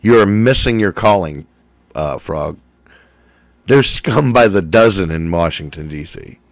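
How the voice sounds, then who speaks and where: A man's voice: low-pitched, expressive, unhurried, no echo. A man chatting casually as a show host, laid-back and swearing, smoking and coughing between remarks. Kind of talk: casual chat.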